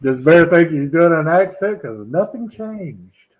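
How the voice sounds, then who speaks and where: A man's voice: on the high side, animated, a little slow, muffled recording. A man hosting a livestream, teasing his guests and asking blunt questions. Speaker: streamer host. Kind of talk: casual group chat on a stream.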